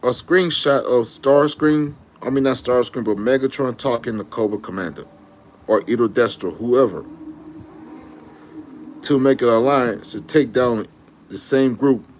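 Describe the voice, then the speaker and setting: A man in the middle of a fan rant, talking straight to his viewers in a mid-pitched voice. He gets excitable and rambles in loose slang, stopping now and then to correct himself. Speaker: YouTube commentator. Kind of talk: casual fan rant to camera.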